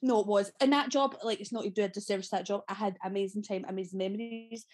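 Speaking fast in a medium-pitched, darkish voice with a steady tone, a Scottish actress in her thirties recounts stories in her Glaswegian accent. It's a casual podcast interview where she's chatty, laughs a lot and swears freely.

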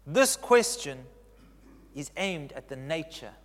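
A man preaching a sermon as pastor, stressing key phrases by repeating them and swinging between loud declarations and hushed lines. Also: a little high, big pitch swings, slow, big-room sound.

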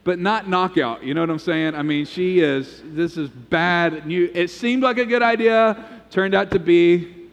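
A pastor preaching to his congregation, his voice sitting a bit high for a man. He tells the story with animated, acted-out quotes. A long reverb trails his words through the large church hall. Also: unhurried, dull audio. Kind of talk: sermon. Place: church sanctuary.

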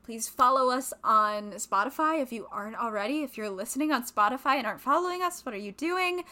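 A young woman co-hosting a podcast in loose, rambling chat, often breaking into giggles. Her voice sits high and sounds bright and crisp. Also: lively intonation, fast talker. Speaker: podcast co-host.

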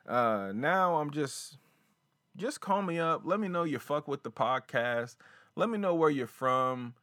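A man's voice: mid-range voice, fairly bright tone, no echo. A man hosting a solo podcast from a small closet studio, talking casually in rambling, profane slang. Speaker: podcast host.

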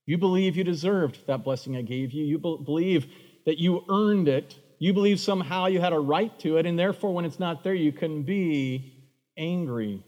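A male pastor delivers a sermon with a somewhat high voice. He brings the story to life by acting out its characters. His voice rings out with the long reverb of a large hall. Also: normal speed. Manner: animated, acts out voices of Bible figures.

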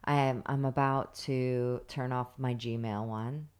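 A relaxed podcast co-host in casual conversation. The speech wanders and often trails off, at an ordinary middle pitch. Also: slow, clean tone. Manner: relaxed, with frequent "like" fillers and trailing sentences. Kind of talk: casual chat.

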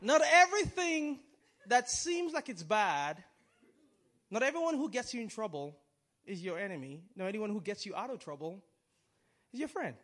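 A man's voice: high-pitched, very animated. A man preaching a sermon in a conversational way, with restarts and questions to the audience. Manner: conversational, halting, with restarts and chuckles.

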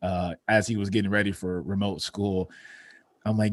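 Earnest low-voiced male podcast host. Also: flat delivery, normal speed, no echo, clean studio sound. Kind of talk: podcast interview.

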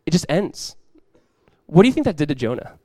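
Fast-talking pastor, conversational. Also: male voice, fairly high pitch, sing-song, a little mellow, no room sound. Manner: conversational, self-deprecating, rising to emphatic peaks. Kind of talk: sermon. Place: church.

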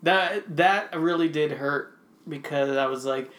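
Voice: medium pitch, a little slow, fairly bright tone. A podcast co-host in loose, profane casual chat, laughing often and talking bluntly. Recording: roomy echo.

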